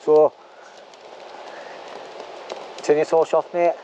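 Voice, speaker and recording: This middle-aged camping vlogger's voice is on the high side with little pitch movement, and he talks at a normal speed. He chats jokily to a handheld camera at a wild camp using dialect slang, recorded outdoors under loud rain with slight background noise.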